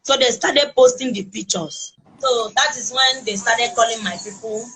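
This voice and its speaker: A woman with a Nigerian accent giving personal testimony as an interviewee, talking in a halting, emotional way with many restarts. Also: a little high, fairly bright tone, a little hiss or hum, poor audio. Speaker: interviewee recounting a kidnapping.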